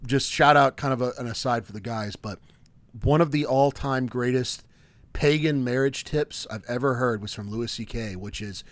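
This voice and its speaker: There's no room sound as this man, in his thirties, co-hosts a casual podcast. His mid-range voice is unhurried, and he's a lively storyteller who keeps breaking into laughter mid-sentence.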